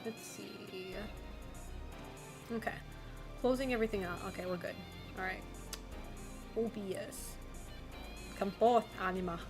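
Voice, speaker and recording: A woman's voice: medium pitch, a little slow, pauses often, over music. A woman streaming live, chatting casually with her viewers, giggling often and swearing now and then. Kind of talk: casual livestream chat.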